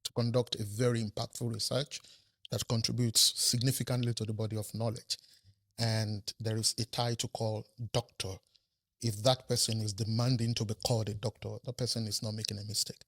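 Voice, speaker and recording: A man from Nigeria, a professor and podcast guest, explaining in a measured way in a studio and often checking in with "right?". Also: lowish voice, level tone, fairly bright tone. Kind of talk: conversational interview.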